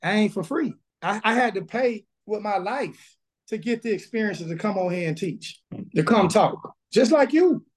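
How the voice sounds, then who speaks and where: Man, Southern pastor, high-pitched, emphatic and blunt, remote interview. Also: moderate pace. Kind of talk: casual interview, preaching energy. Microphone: video call.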